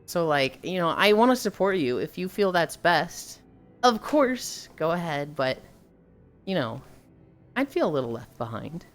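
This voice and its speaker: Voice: mid-range voice, sing-song, measured pace, faint music behind. A livestreamer chatting casually and reading viewer messages aloud, blunt and sighing often, swearing freely.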